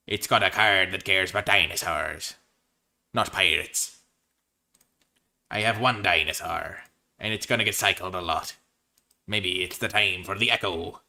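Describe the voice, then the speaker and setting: Low, bright-toned man thinking aloud. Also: creaky. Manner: thinks aloud, weighing choices, with bursts of excitement. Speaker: card game streamer. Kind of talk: casual commentary while drafting.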